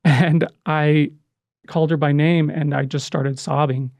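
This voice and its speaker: A middle-aged man telling an emotional personal story in conversation, earnest and halting, with many restarts. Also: a little high, little pitch movement, gravelly, a little mellow, no room sound. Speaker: podcast guest, adoptive father.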